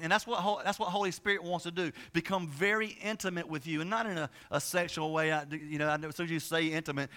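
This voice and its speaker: High, bright-voiced energetic male pastor. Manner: energetic, conversational, many restarts and asides. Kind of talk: sermon.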